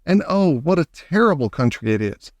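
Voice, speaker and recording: A man voicing an eccentric, excitable male chocolate maker who talks in a gushing, showy way. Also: moderate pace, no echo. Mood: storytelling. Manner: gushing, showy, high and bouncy.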